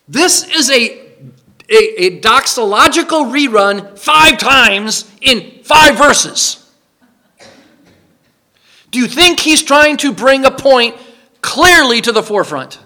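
Male pastor, sermon, bright tense voice, emphatic, questions the congregation. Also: very high-pitched.

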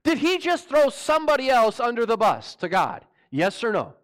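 A pastor preaching a sermon, animated and mocking, firing rhetorical questions at his listeners. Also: very high-pitched, normal speed.

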